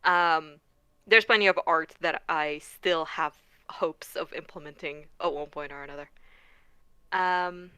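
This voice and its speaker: A woman from Canada chats on a live stream in a bright, crisp voice, dropping frequent ums and laughs. Her pitch sits a little low, and the sound is close and dry. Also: steady tone, unhurried, dry recording. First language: not English. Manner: chatty and laughing, many fillers. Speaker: modding stream guest. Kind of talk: casual chat answering stream questions.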